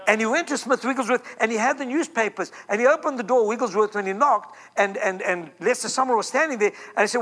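A man preaches a fervent Pentecostal sermon as a guest speaker. His voice sits very high for a man and has a bright, ringing edge. He drives his points home by repeating his lines. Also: fast talker, hardly any pauses.

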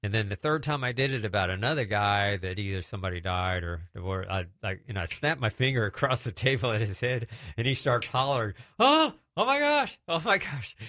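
Middle-aged guy telling testimony stories, raspy low voice, does the voices of people he quotes. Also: dry recording, studio quality. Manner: animated, acts out quoted voices. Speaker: minister telling deliverance stories. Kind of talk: casual storytelling testimony.

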